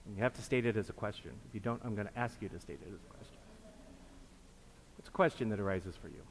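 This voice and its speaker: A man serving as pastor guides his congregation through a reflection, calmly repeating his prompts and inviting answers. His voice rings with a long hall reverb, and a faint hum of background noise sits beneath it. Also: fairly low pitch, quick pace. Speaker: pastor leading a group reflection. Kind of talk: interactive liturgical teaching.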